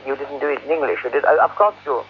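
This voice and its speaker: A woman's voice: rumbling low, steady tone, racing, a little hiss or hum. A woman working as a drama coach, speaking in a blunt, brusque and impatient way on a phone call. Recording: muffled telephone line on old radio tape.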